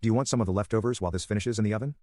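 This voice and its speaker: A man's voice: on the low side, rapid-fire, darkish tone, dry recording, natural voice. Man reading a distracted middle-aged mother. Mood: absent.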